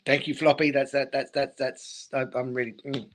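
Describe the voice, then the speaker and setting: A man's voice: mid-range voice, little pitch movement, moderate pace, slight background noise. A middle-aged man and former speedway rider in a casual live interview, talking emotionally and repeating his words.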